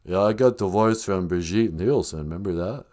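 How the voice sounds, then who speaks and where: A man impersonating a laid-back, mumbling tough-guy boxer movie star, with a low, slurred drawl. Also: normal speed, mellow, close to an everyday voice. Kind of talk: comedic impression.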